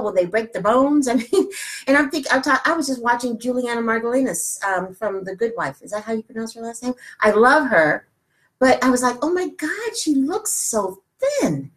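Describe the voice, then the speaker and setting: A woman over forty hosting a casual live video chat, heartfelt and chatty, laughing often and pausing to find her words. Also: medium pitch, poor audio. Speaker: wellness group host.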